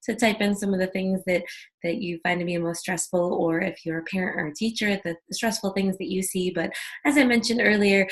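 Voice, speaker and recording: A woman's voice: medium pitch, fairly even intonation, brisk. A woman hosting an online wellness workshop over a video call, talking in a friendly, chatty way and guiding listeners through a breathing exercise. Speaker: workshop host. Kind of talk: casual online workshop talk.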